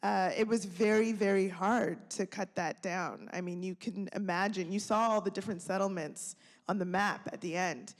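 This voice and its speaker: A woman's voice: medium pitch, fairly even intonation, normal speed. A woman filmmaker answering a question on a panel, reflective and candid, often searching for words. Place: museum auditorium. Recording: reverberant auditorium.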